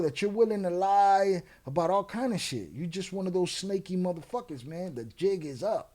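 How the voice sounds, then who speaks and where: Fired-up mocking man with a high voice. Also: expressive, normal speed, dark tone. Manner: profane, mocking, talks back at the clip. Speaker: podcast host reacting to clips. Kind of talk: heated reaction commentary.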